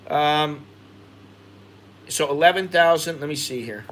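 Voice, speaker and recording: A man's voice: a little high, a little slow, pauses often, fairly bright tone, slight background noise. An American man hosting a livestream, reading viewer comments and rambling with frustration, repeating himself. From United States. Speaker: expat vlogger.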